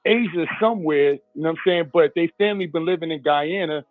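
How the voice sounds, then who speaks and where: A man's voice: fairly high pitch, fast talker, dry recording. A man on a casual group chat, telling a story and explaining his point at length. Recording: phone-like dry line with music.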